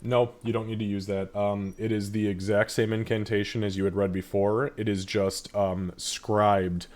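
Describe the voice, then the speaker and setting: A man with a lowish voice runs a tabletop game session for his players. He narrates in a measured, calm way, pausing often on fillers as he describes outcomes. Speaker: game master.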